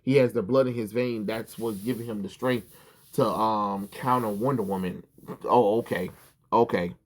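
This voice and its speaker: A man's voice: on the low side, fairly even intonation, normal speed. Rambling, cussing comic reviewer man. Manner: rambling and profane, heavy with ums and restarts. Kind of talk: casual commentary vlog.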